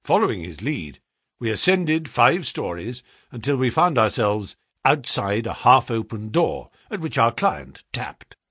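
A man narrating a story aloud in an expressive, measured way. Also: medium pitch, slightly rough, no room sound, clean studio sound. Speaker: audiobook narrator.

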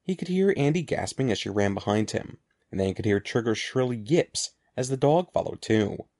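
Casting: expressive male storybook narrator, dark and gravelly, animated delivery. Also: medium pitch, normal speed. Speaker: audiobook narrator.

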